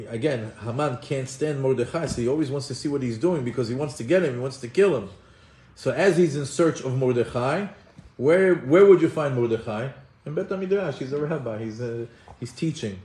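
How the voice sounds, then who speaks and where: A man teaching as a rabbi in a storytelling sermon, acting out the quotes in lively bursts and switching between Hebrew quotations and English translation. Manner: animated, acts out quotes with rising pitch and fast bursts. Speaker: rabbi giving a Torah class. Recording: echoey room.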